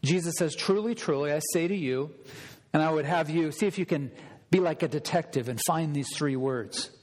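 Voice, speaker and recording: Male pastor, slightly raised pitch, animated sermon delivery, big reverberant sanctuary. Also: normal speed. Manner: animated, conversational preaching with audience questions.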